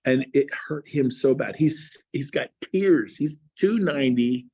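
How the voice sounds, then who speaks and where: A man's voice: medium pitch, unhurried, warm tone, breathy edge. A man, a real estate coach, giving an emphatic motivational speech to agents and firing rhetorical questions at them. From Texas.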